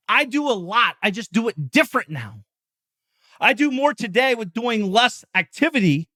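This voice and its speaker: Man, middle-aged, podcast host, intense, profane, yelling, high voice. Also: dry recording, clean studio sound. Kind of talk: motivational monologue.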